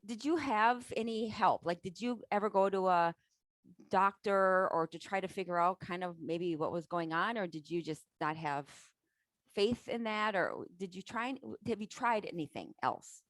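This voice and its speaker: A woman's voice: mid-range voice, normal speed, no echo. Encouraging woman host asking long questions. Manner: warm and encouraging, asks long rambling questions. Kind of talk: interview.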